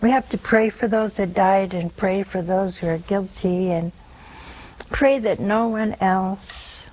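An older woman preaches slowly to her callers, earnest and unhurried. She leans on repeated phrases to drive a point home, keeping a steady, measured delivery. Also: medium pitch, low-quality recording. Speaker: host of a religious call-in show.

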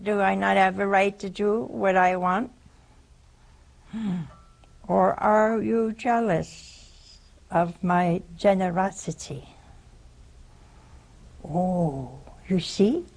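A woman's voice: medium pitch, creaky, a little mellow, poor audio. A woman preaching a sermon, telling a story in a folksy way with asides to her viewers.

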